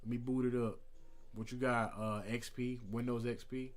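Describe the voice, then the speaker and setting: A man's voice: mid-range voice, level tone, normal speed. A young man streaming a game, chatting casually with slang and jokes. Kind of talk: casual gameplay commentary.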